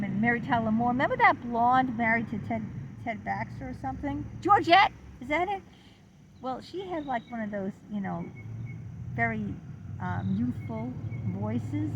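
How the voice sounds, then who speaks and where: A woman's voice: on the high side, noisy background. A middle-aged woman talking to camera in a casual, rambling vlog, wandering off topic as she goes. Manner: rambling, chatty, digressive. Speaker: channel host.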